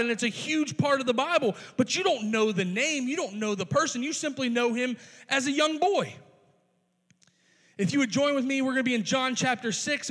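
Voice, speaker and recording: A man with a very high voice preaches a sermon, and the sound carries a long reverb off a big church sanctuary. As a youth pastor he talks casually and tosses in playful asides. He often restarts his sentences. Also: a bit bright. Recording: long reverb of a large hall.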